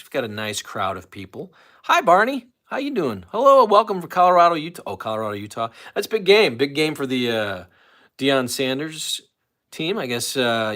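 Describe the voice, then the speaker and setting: A man chats loosely on his live stream and drifts from topic to topic as he reads out viewers' comments. His pitch swings up and down a lot around a medium voice. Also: fairly bright tone. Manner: rambling, chatty, reads chat comments aloud. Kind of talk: casual live stream chat.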